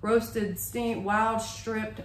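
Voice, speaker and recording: Haul vlogger, woman, chatty and gushing, bright higher voice, echoey home room. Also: little pitch movement, drawn-out words, slight background noise. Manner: chatty, gushing, says y'all a lot. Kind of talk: casual show-and-tell haul.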